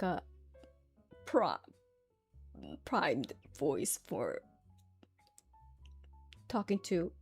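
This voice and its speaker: A woman's voice: fairly high pitch, darkish tone. A woman streamer chatting casually with her viewers, giggly and full of fillers.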